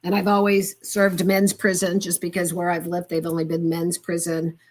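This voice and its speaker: Older lady, kinda low voice, earnest and heartfelt telling her story on a show. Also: completely flat delivery, normal speed. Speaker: guest. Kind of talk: casual conversation.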